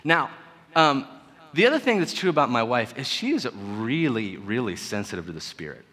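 Joking pastor preaching in a reverberant church. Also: male voice, mid-range voice, sing-song, moderate pace. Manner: conversational and joking, with sudden loud emphasis. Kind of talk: sermon. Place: church sanctuary. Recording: long hall reverb.

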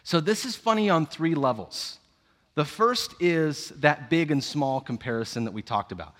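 Lively male preacher in a reverberant hall. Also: a little high, normal speed. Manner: playful, animated storytelling with jokes. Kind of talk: sermon.

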